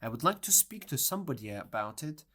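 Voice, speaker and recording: Curious plucky little girl done by the storybook reader, pitch jumps around a lot, polite but unafraid. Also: sing-song, fairly quick, pushed and bright. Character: curious, bold young girl.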